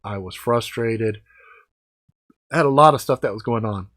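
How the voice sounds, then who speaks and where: A man in his forties answering viewer comments in a blunt, heavily profane, animated storytelling chat. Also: lowish voice, moderate pace. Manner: blunt, heavy swearing, animated.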